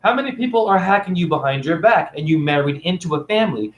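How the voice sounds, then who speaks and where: A spiritual teacher talks fast in a high voice with lively intonation, his sound echoing around the room. Filming himself on his phone, he delivers a rambling, playful, preachy teaching monologue to camera.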